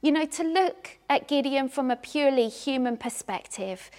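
A woman preaching a sermon in an earnest, repetitive cadence, at times sinking into hushed prayer. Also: high-pitched, animated, moderate pace. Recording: long hall reverb.

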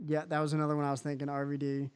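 A man's voice: fairly high pitch, monotone, rapid-fire, a little mellow, clear, resonant tone. A man hosting a podcast, chatting casually and animatedly with plenty of fillers. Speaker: podcast host.

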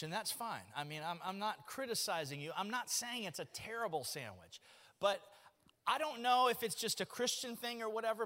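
A man, preaching a folksy, joking sermon in a church. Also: sits high. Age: 40s. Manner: folksy, joking, animated storytelling. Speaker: pastor. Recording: long reverb of a church hall.

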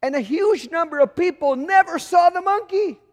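Man, pastor, sermon, very high voice, rhetorical questions, long hall reverb. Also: lively intonation, normal speed. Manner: conversational, rhetorical questions, acts out quoted voices.

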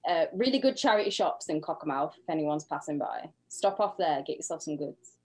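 A woman's voice: deep voice, animated, brisk, darkish tone, a little hiss or hum. A Cumbrian woman co-hosting a podcast in blunt, sweary, laughing casual chat. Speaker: podcast co-host.

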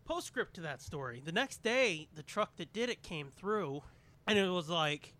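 A podcast co-host whose voice sits high talks at normal speed while telling a story about his neighborhood. The chat is casual and profane, and he swears often while acting out the quotes.

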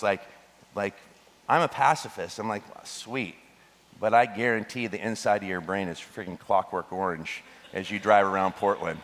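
A man preaching a sermon as pastor, animated, with joking asides and laughter. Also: fairly low pitch. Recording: long hall reverb.

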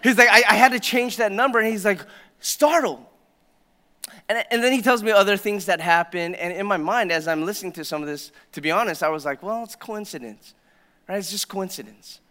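High-voiced, bright-toned male pastor preaching. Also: brisk. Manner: storytelling, swings from hushed to loud and emphatic. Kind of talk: sermon. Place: church sanctuary.

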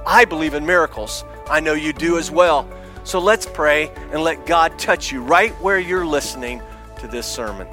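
A man preaching an impassioned evangelistic sermon as a pastor in a church, swinging between shouts and hushed near-whispers. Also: on the high side, moderate pace, soft background music.

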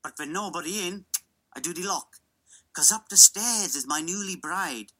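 A woman's voice: on the low side, normal speed, pushed and bright, slightly rough, rough recording. A woman reading a poem aloud, voicing a playful young male shopkeeper with a sing-song, rhythmic delivery. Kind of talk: dramatic poetry reading.

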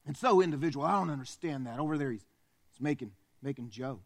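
A man's voice: medium pitch, animated, quick pace. A man voicing Satan as a proud, seething fallen angel, muttering bitter and boastful lines in a dramatized sermon. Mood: scornful disbelief.

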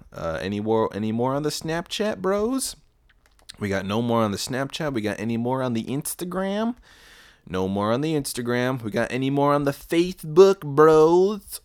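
A man rambles through his solo podcast in a loose, casual way. He slides into sarcastic, profane rants, often restarting his sentences. His pitch stays animated and swings widely. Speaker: podcast host.

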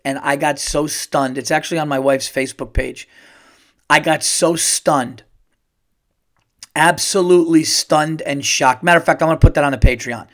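A middle-aged man hosts his podcast and tells a long personal story. He rambles, gets excited and swears freely. His voice sits in an ordinary middle pitch. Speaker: podcast host. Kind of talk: casual storytelling monologue.

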